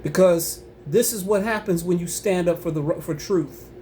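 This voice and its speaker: A man's voice: sits high, moderate pace, warm tone, a little hiss or hum. A man giving impassioned religious commentary on his own channel, emphatic and preachy, repeating himself and breaking into angry rising outbursts.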